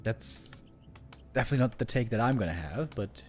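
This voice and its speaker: Male esports caster from Germany, mid-pitched, very lively intonation, joking banter, faint music behind. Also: brisk. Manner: playful, animated banter with sudden loud outbursts. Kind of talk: live game commentary and chat with viewers.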